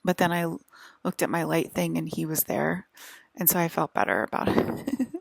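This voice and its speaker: A woman vlogger talking in a rambling, halting monologue full of restarts and fillers, sometimes dropping to a whisper. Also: low-pitched, creaky, no echo.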